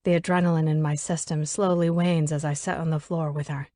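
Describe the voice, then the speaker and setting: Low-voiced woman narrating an audiobook. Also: level tone, brisk, warm tone, dry recording.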